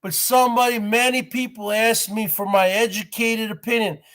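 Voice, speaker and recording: Brash stream host, from New Jersey, boastful and rambling, bright high voice. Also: male voice, little pitch movement, moderate pace. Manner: boastful, repeats "folks" and "bottom line"; greets viewers by name. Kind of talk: boastful rambling live chat.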